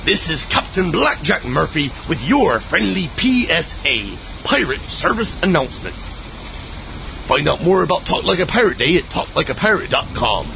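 A man playing a boisterous, rowdy pirate captain in a comic public service announcement, with gravelly growling pirate talk. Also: fairly high pitch, big pitch swings, normal speed, sharp tone, heavily acted, rough recording. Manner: bawdy, theatrical announcer delivery. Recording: rain and ambient noise behind.

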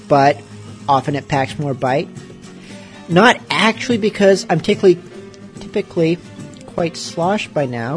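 A man hosts a late-night radio show with a joking, cheeky manner. His voice sits a little higher than most men's. Music plays faintly behind him. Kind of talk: casual radio show hosting.

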